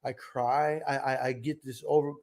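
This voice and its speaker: A man's voice: mid-range voice, flat delivery, normal speed, vocal fry, a little mellow. A man with a Texan accent hosting a podcast, chatting casually and animatedly, often stammering and repeating words. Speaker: podcast host. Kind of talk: casual chat.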